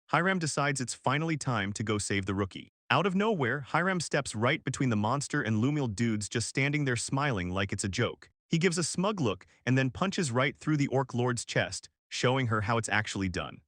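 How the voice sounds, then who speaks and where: A man's voice: medium pitch, a bit bright, no echo. Casual male recap narrator, dry sound. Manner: casual, slangy, brisk storytelling. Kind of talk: scripted story recap narration.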